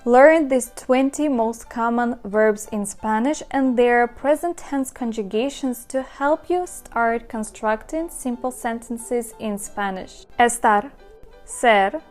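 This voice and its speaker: A woman with a slightly high voice reads a lesson script at a slow, clear pace. Faint music sits in the background. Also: darkish tone. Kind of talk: scripted narration.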